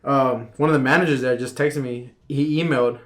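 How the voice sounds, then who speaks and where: A man's voice: medium pitch, steady tone, brisk, a bit bright. Laid-back young man telling his story. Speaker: podcast guest. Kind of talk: casual chat.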